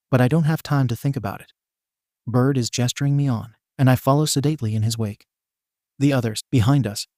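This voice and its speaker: A man narrating a first-person story aloud in a steady storybook voice. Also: medium pitch, no room sound, studio quality. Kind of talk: reading fan fiction aloud.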